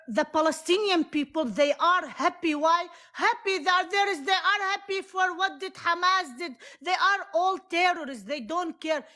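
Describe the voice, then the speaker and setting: Loud, bright high-pitched woman arguing. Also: normal speed, hardly any pauses. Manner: loud, heated, broken English, insistent "okay?". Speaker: guest caller on a livestream. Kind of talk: heated live debate.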